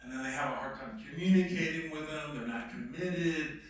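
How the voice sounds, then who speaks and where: As a guest at a filmmaker workshop, an actor tells animated stories in conversation, emphatic and blunt with some swearing. His voice is on the high side at a moderate pace, recorded on a distant mic in a very echoey room.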